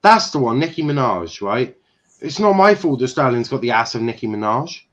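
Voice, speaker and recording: A man's voice: mid-range voice, sing-song, normal speed, fairly bright tone, muffled recording. A man, a referee guest on a live stream, talking in a blunt, opinionated, casual way and laughing at his own stories.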